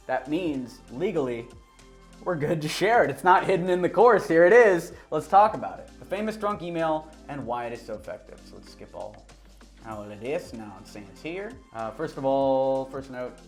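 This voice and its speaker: A playful male host talks through his video in a loose, joking way, breaking off mid-thought. His voice sits a touch above the usual male range. Soft music plays faintly under him. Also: a little high. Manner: playful, joking, self-interrupting. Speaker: YouTube host. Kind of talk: casual video commentary.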